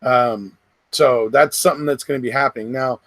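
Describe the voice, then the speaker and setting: A middle-aged man from the West Coast of the United States hosting a casual livestream, chatting to viewers and rambling with quick laughs between remarks. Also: mid-range voice, steady tone, a bit bright, no room sound. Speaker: livestream host.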